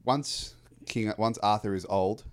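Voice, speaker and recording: A man's voice: on the low side, measured pace, smooth. A man, co-hosting a casual film review chat and rambling through his thoughts with restarts and fillers. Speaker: podcast co-host.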